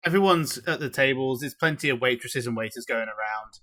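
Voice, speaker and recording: A man narrating a tabletop game as game master, relaxed and chatty, with many filler words. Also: medium pitch, fairly quick.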